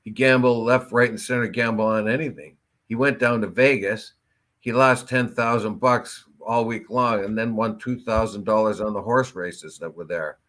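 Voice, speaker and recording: A man co-hosting a local talk show, his voice sitting a little low. He drifts into long, rambling anecdotes and keeps the tone relaxed and chatty. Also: normal speed. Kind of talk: casual talk-show chat.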